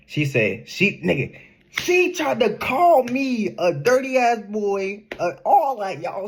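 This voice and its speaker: A young man telling a casual storytime in an animated, slangy way, laughing often. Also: on the high side, a little slow. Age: young adult. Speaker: vlogger.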